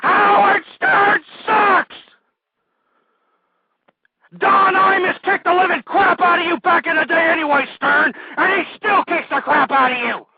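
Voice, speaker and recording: A man hosting a talk radio show, shouting and ranting angrily, repeating himself and cursing often. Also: very high voice, moderate pace, creaky, hardly any pauses, noisy background. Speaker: radio host. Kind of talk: angry talk radio rant. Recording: tinny lo-fi phone-like sound.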